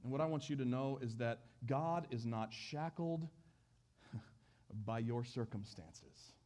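A man preaching a sermon in a church, telling a story with animated delivery. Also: mid-range voice, slow pace. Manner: animated storytelling, acting out voices. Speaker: pastor.

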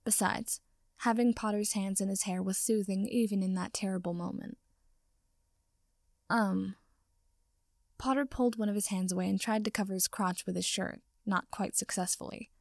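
A woman reading a fan fiction story aloud in a steady storytelling manner. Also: medium pitch, normal speed, gravelly, long pauses, no echo, clean studio sound. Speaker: reader.

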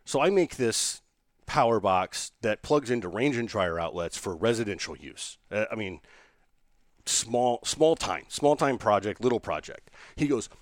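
Guy, small business owner, telling his story all animated, mid voice, dry sound. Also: medium pitch, unhurried, no room sound. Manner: animated, restarts sentences, acts out quoted people. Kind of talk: storytelling in an interview.

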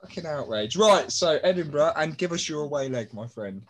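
A man's voice: a little high, expressive, brisk. A man hosting a casual chat with friends from a home garage studio, sweary and joking. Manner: sweary, jokey and loud. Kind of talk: casual banter among friends.

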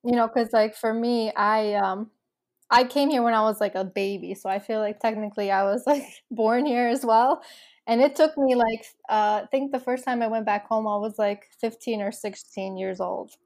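A woman hosting a casual interview. Her voice sits a little high, and she talks in a relaxed, reflective way. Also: moderate pace.

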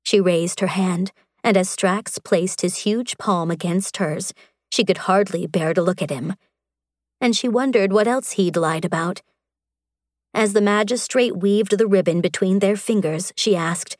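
A woman reading an audiobook in a measured, sensual storytelling style. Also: mid-range voice, darkish tone, no echo, clean studio sound. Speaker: audiobook narrator. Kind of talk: scripted narration.

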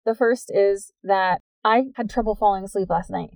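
A woman's voice: mid-range voice, normal speed, vocal fry, a little mellow, dry recording. Giggly lady podcast host, chatty and upbeat, dry room. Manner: bubbly, laughs often. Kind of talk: casual chat.

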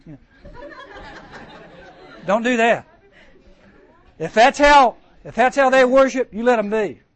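Lively high-voiced preacher man. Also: normal speed, no room sound, some chatter behind. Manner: lively, acts out voices, jokes, rhetorical questions. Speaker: camp speaker. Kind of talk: sermon to teens.

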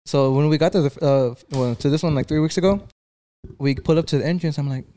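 A man's voice: fairly high pitch, a little fast, dark tone, no echo. Chatty young man telling detailed stories. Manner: chatty storyteller, detailed and profane. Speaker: plumber. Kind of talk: casual chat.

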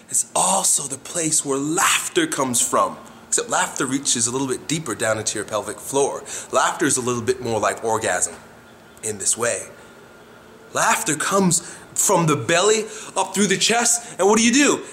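A man's voice: on the high side, fairly bright tone, a little hiss or hum. A man giving frank, profane coaching talk about the body, blunt and demonstrative.

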